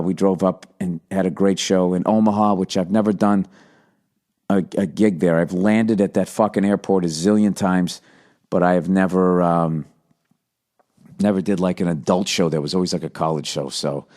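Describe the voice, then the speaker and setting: A man's voice: lowish voice, darkish tone. A man in his forties telling road stories in a casual, profane, rambling monologue as a podcast host.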